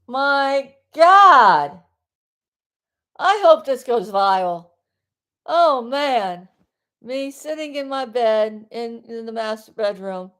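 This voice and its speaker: A high-voiced woman from South Florida rants loudly on a live stream from her bedroom, rambling and exasperated, breaking into bursts of yelling.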